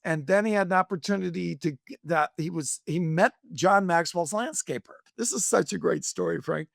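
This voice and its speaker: A man's voice: sits high, moderate pace, gravelly, no room sound, studio quality. A man hosting a podcast, chatting casually and retelling a story with enthusiastic, rambling asides. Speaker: podcast host. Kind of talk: casual interview.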